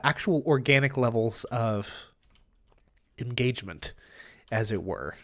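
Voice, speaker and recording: A man's voice: mid-range voice, expressive, a little slow, a bit bright. A man streaming a game and chatting with viewers in a wry, mock-formal way, often muttering to himself. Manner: wry, mock-formal phrasing, talks to chat. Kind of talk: casual gameplay stream chat.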